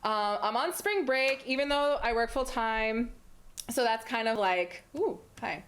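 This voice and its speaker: A woman's voice: on the high side, measured pace, a bit bright. Playful chatty young woman hosting. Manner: playful, chatty, many fillers. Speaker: host. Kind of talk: solo talk-show monologue. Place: community TV studio.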